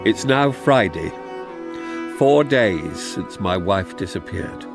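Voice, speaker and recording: An actor playing an older retired politician whose wife has vanished, speaking slowly and reflectively with a wry edge. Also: male voice, deep voice, lively intonation, music in the background, full character voice. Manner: reflective, wry, slow delivery. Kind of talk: radio drama acting.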